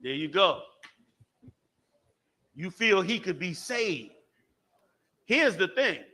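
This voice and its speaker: A man leads a religious class, his voice sitting high and swinging widely. He presses points by repeating phrases, then throws questions out to the listeners and calls on them. The tone is bright and cutting. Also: very animated, slow pace. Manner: emphatic, repeats key phrases. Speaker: religious teacher. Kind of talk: teaching a class.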